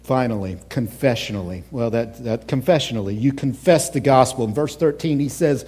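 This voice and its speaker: A man preaching a sermon as a pastor, animated, swinging between loud mocking impressions and quiet earnest asides. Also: mid-range voice, moderate pace, slightly rough.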